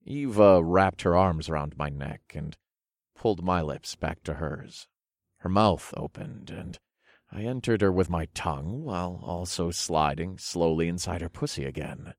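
A man narrating a first-person story for an audiobook, expressive, moving between low murmurs and loud bursts. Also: unhurried, no room sound, studio quality.

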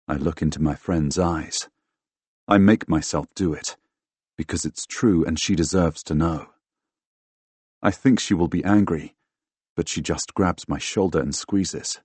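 A man narrating a first-person fantasy audiobook in a dramatic, expressive way, recorded close on a studio microphone. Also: a bass voice, measured pace, slightly rough, no echo. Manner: dramatic, expressive, bursts into loud shouts in dialogue.

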